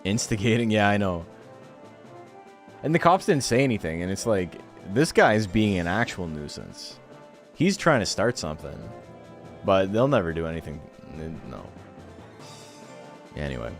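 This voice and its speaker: A man's voice: sits low, sing-song, normal speed, pauses often, soft background music. A young man streaming a game, ranting sarcastically in casual chat, swearing and laughing often.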